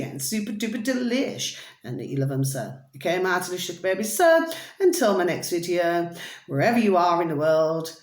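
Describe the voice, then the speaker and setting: Low-voiced rambling woman vlogger. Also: reverberant. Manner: rambling, repeats pet phrases, emphatic. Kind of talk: casual chat to camera.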